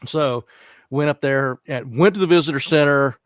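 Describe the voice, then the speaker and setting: A man's voice: mid-range voice, normal speed, no room sound, studio quality. A man telling a story in a casual online chat, acting out the people he quotes. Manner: animated, acts out quoted people.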